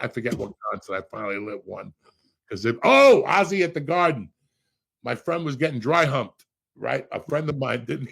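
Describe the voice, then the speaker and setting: A middle-aged man hosting a podcast, a loud, profane storyteller with a gravelly, husky voice. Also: mid-range voice. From Cuba. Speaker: podcast host.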